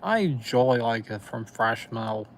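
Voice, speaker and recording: A man with a Southern US accent chatting on a live stream, pausing often as he recalls band names. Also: mid-range voice, expressive, slight background noise. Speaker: metal music streamer. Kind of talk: casual live stream chat.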